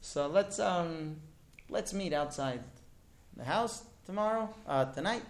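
An exasperated young husband, sleepless and baffled, as a man telling the story puts him on. His voice climbs high and swings widely as he pleads for an explanation. He sounds worn out and truly lost. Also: lively intonation, slow pace. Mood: earnest. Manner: pleading, rising with disbelief.

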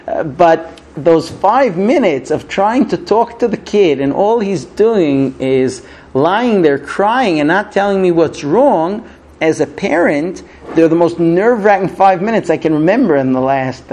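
A middle-aged man who isn't a native English speaker delivers a casual, story-filled sermon in a fairly high, expressive voice with a darkish tone. He often stumbles and restarts his sentences and acts out the voices he quotes. There's slight background noise.

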